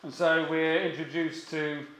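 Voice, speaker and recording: A man preaching a sermon, emphatic and pausing often, with rhetorical questions. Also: fairly high pitch, level tone, a bit bright, a little hiss or hum. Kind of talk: expository sermon. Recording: echoey room.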